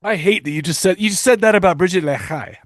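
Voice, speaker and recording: A man with a high voice talks quickly as a podcast co-host, teasing his partner and laughing often in casual chat. The sound is clean studio audio with no room sound.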